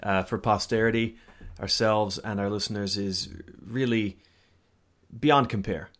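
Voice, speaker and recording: A man's voice: fairly low pitch, steady tone, unhurried, a bit bright. A man co-hosting a casual book podcast, chatting wryly and playfully. He slips into mock-formal phrasing for comic effect. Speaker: podcast co-host. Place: home in Scotland.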